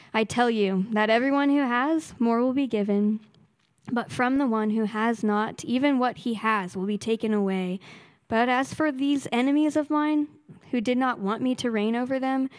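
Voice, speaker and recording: Woman, scripture reader at a church service; fairly high voice, dry close sound, steady measured delivery. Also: no echo. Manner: steady, deliberate reading aloud. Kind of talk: public Bible reading in church.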